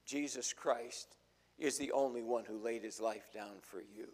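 An older pastor delivers a sermon in a homespun, storytelling style, performing the voices of the characters in his tales. His voice is mid-range and somewhat dark, with a measured pace.

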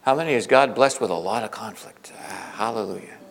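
A male pastor preaching a sermon, swinging from loud, emphatic peaks to hushed asides. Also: on the low side, fairly quick, vocal fry. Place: church sanctuary. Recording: reverberant church hall.

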